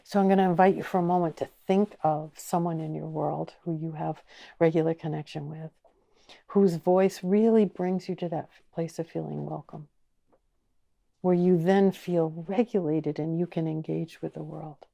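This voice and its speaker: A woman teaching an online course, speaking slowly and gently and asking the listener many inviting questions. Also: deep voice, fairly even intonation, gravelly. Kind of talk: guided teaching talk.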